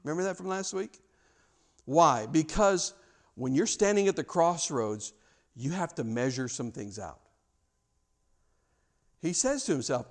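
A man's voice: on the high side, very animated, unhurried, long pauses. A man preaching a sermon in a church, speaking earnestly with frequent stammered restarts. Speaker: pastor.

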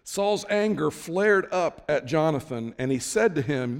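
A man's voice: a little high, lively intonation, a little slow, gravelly, few pauses, clear, resonant tone, long reverb tail. A man preaching a sermon as pastor, conversational, with frequent restarts and asides.

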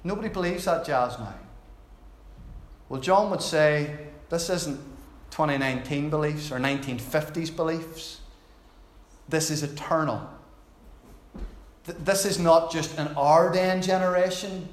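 A man preaching a sermon in a conversational, storytelling manner with gentle humor. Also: on the high side, fairly even intonation, a little slow, long pauses. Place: church. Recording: roomy hall echo.

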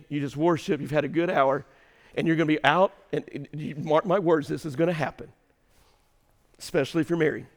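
A man preaching a sermon to his congregation, swinging between hushed storytelling and shouted emphasis. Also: a little high. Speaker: pastor. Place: church sanctuary. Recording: reverberant church hall.

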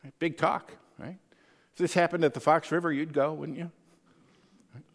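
A man's voice: fairly high pitch, steady tone, normal speed, creaky, big-room sound. A man preaching a sermon as pastor, conversational, often checking in with the listeners with tag questions.

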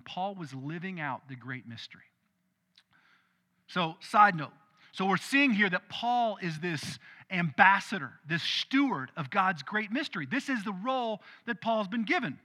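A male pastor preaching a sermon in an animated, conversational way, with quick asides. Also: sits high, in a large hall.

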